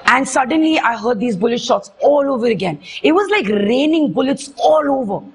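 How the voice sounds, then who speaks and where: A young woman, earnestly retelling a personal experience in halting, emotional speech. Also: high voice, lively intonation, slightly rough. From India. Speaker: witness giving testimony. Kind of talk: personal testimony.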